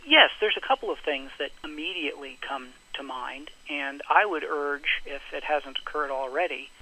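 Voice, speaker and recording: Middle-aged male pastor, radio guest, earnest and measured, bright, slightly high voice. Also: creaky, poor audio. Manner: earnest, measured, preacherly emphasis. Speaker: pastor and spiritual director.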